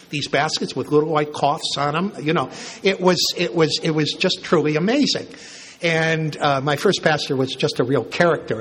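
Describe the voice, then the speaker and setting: Husky older priest telling stories. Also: male voice, a little high, a bit bright. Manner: conversational, anecdotal, with chuckles. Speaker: priest and church historian. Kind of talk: informal history talk.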